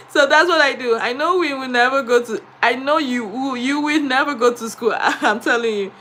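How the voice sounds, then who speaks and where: A woman who teaches diction and etiquette, chatting live and telling a story in an animated way, often laughing. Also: high voice, moderate pace, a little hiss or hum, poor audio. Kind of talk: casual live stream chat.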